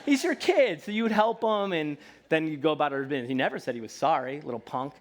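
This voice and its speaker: A man, likely in his thirties, preaching a sermon in a church in a relaxed, conversational way, often checking in with "right?" and slipping into playful voices. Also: on the high side, quick pace, noisy background. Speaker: pastor. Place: church sanctuary.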